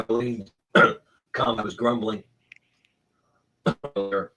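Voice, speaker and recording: A man on a video call from home late at night, halting and clearing his throat with a frog in his throat. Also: on the low side, level tone, sharp tone, slight background noise, low-quality recording. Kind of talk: casual chat on a call.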